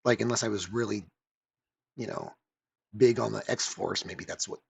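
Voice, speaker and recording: A man talking casually in a video commentary, rambling and offhand, with the odd curse word. His voice has a gravelly edge and a husky, slightly rough texture. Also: fairly low pitch, moderate pace, a little mellow. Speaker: comic reviewer.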